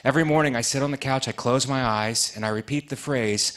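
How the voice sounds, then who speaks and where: A man doing a stand-up comedy set with deadpan punchlines in a TV studio. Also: medium pitch, brisk, hardly any pauses.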